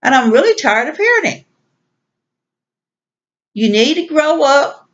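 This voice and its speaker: A woman's voice: sits high, sing-song, measured pace. A woman vlogger venting in an exasperated, repetitive rant. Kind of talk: venting monologue. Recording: dull lo-fi recording.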